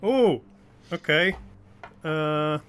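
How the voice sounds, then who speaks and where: A man's voice: on the high side, expressive, very slow, a bit bright, smooth. A man acting as game master of a live tabletop game, narrating dice rolls and often chuckling.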